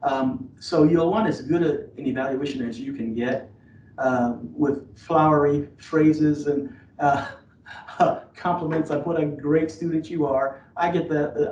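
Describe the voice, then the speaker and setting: A man's voice: a little high, darkish tone. A man speaking as an admissions officer in a webinar, giving earnest advice with many fillers and restarts. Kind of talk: webinar presentation. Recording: roomy, distant, dull lo-fi webinar audio.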